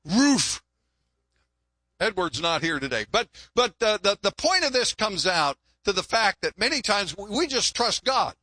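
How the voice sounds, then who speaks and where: An older man preaches in a folksy, storytelling way, stumbling over and repeating words. His voice sits high for a man and sounds bright, and the recording is dry and close. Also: big pitch swings, moderate pace, few pauses, no echo. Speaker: pastor. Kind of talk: sermon. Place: church.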